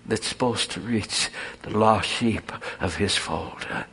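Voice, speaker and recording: A man preaching a folksy, animated sermon full of storytelling and chuckles. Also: on the low side, slow, vocal fry, slight background noise.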